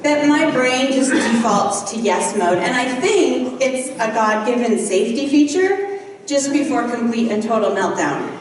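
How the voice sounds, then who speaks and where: A woman giving a sermon, telling a story in a gentle, unhurried way with touches of light humor. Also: on the high side, animated, slight background noise. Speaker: guest speaker. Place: large church hall. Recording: echoey hall, voice from far off.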